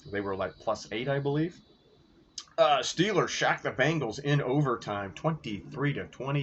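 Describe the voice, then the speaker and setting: A man hosting a sports podcast, rambling through game results and his bets in a casual, profane, excitable way. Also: mid-range voice. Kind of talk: casual sports recap and betting talk. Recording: dull lo-fi recording with faint noise.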